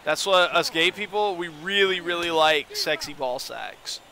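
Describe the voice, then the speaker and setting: High, bright young man streaming. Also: a little slow, slight background noise. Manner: joking, excitable, talks to chat. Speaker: game streamer. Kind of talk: casual live-stream commentary.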